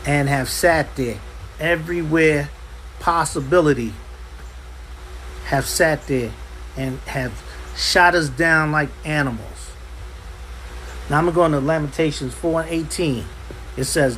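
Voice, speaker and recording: A man with a somewhat high voice preaches to his Bible class, forceful and insistent. He drives each point home by repeating it, with a faint hum of air conditioning behind him. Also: unhurried, long pauses, rough recording. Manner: forceful, repeats "understand" for emphasis. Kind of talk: impassioned preaching. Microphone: livestream.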